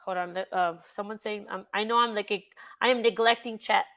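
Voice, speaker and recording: A woman's voice: medium pitch, fairly even intonation, fairly quick, a bit bright. A woman hosting a casual true-crime livestream, chatting with a guest, reading out chat and swearing freely. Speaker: livestream host.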